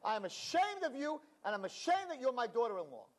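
A man putting on a stern older mother-in-law, scolding, indignant, swings high and low. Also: sing-song, rapid-fire, a little mellow, slightly rough.

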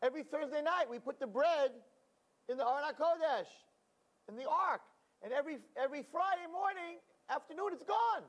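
A humble old peasant voiced by a male storyteller pleads in a high, strained voice. He is earnest and insistent. He speaks with a simple man's conviction. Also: fairly quick, husky.

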